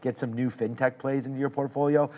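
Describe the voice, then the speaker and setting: A man hosting a live trading show, moving from teasing banter with a co-host into relaxed, thoughtful stock market commentary. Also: medium pitch, fast. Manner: joking, teasing, then thoughtful analysis.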